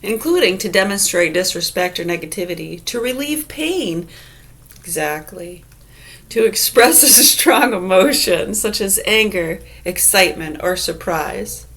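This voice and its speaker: A woman's voice: mid-range voice, fairly bright tone. A woman in a casual vlog who reads definitions aloud and riffs on them sarcastically, swearing freely. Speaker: vlogger. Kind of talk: casual musing monologue.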